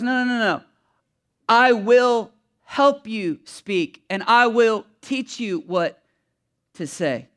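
A man with a notably high voice delivers a sermon as a pastor. He preaches with animated energy, repeating key phrases for emphasis and shifting between loud declarations and softer asides.

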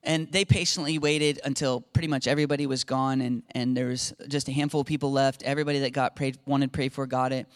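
A middle-aged male pastor telling a story in a conversational, animated sermon, often repeating his words. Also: mid-range voice, fast talker, few pauses, clear, resonant tone, no echo.

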